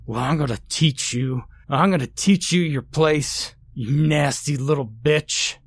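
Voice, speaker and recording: A man's voice: medium pitch, slow pace, dry recording, clean studio sound, lightly acted. A man voicing a drunken, angry father with a slurred, menacing delivery. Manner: slurred, menacing, spitting insults.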